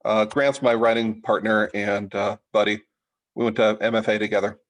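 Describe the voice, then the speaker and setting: A middle-aged man leading an informal writing workshop, talking in a halting way with many restarts and fillers. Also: on the low side, little pitch movement, rough recording. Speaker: writing teacher.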